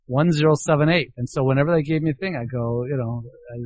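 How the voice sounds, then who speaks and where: A man's voice: fairly high pitch, fast talker, darkish tone, no echo, lo-fi sound. An older man and grandfather co-hosting an aviation podcast in casual chat, joking and sounding out radio call signs. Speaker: podcast co-host.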